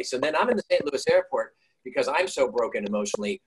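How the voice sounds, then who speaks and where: A man's voice: medium pitch, fast, few pauses, slightly rough, poor audio. A middle-aged man, a guest actor, telling stories on a video call and acting out the people in them. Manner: animated, acts out quoted voices. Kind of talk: storytelling in a video-call interview.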